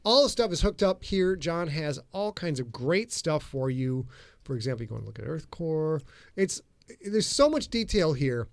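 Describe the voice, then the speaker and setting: A man's voice: a little high, sing-song, normal speed, creaky, dry recording. Joking man with a dry close mic. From Sheboygan area, Wisconsin. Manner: joking, rambling. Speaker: podcast co-host. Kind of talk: casual chat.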